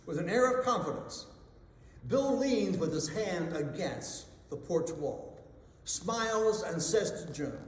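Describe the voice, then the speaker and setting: A male pastor giving a devotional, telling a story slowly and letting his voice sink soft and low at the ends of lines. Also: lively intonation, slight background noise. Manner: slow storytelling delivery, drops soft and low at line ends. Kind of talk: devotional sermon with a told joke. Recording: echoey hall reverb.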